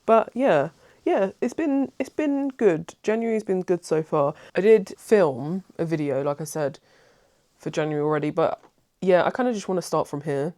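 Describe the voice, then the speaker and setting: A woman's voice: on the low side, normal speed, mellow, dry recording, clean studio sound. A woman vlogging at home in a casual, rambling chat, emotional and easily moved, often breaking off and restarting. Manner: rambling and self-interrupting. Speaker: craft vlogger.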